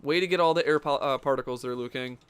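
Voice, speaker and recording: A man's voice: mid-range voice, fast, fairly bright tone, smooth. A man giving casual, jokey commentary while playing a fighting game, reacting aloud to each moment of the match. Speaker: gaming streamer.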